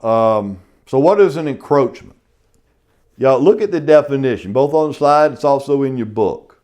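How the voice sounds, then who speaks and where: A man's voice: medium pitch, animated, normal speed, darkish tone. Folksy man teaching real estate. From South Carolina. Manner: folksy, keeps saying "y'all". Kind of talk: casual classroom lecture.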